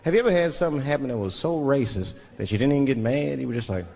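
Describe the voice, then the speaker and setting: A man performing a stand-up comedy set, telling stories and shouting out the voices of other people. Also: fairly high pitch, fast, hardly any pauses, heavy background noise. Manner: animated storytelling, shouting impressions of others. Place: large live venue with audience. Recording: reverberant live hall recording with crowd laughter. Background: audience laughter.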